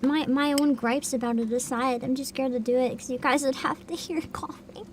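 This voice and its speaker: A woman livestreamer chatting casually with her viewers while she eats, laughing often and describing herself as loud. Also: high-pitched, fairly even intonation, normal speed, slight background noise. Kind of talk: casual chat while eating.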